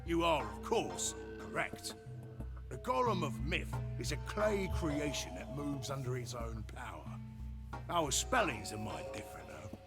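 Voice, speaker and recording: A grumbling Cockney robot golem. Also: male voice, mid-range voice, big pitch swings, unhurried. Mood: wry. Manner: folksy slang, put-upon grumbling. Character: gruff working-class male robot golem, grumbling, cheeky. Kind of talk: video game voice acting. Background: game music.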